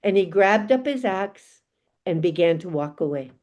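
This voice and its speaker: A woman telling a folk tale aloud to a live audience, unhurried and expressive. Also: fairly low pitch. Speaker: storyteller.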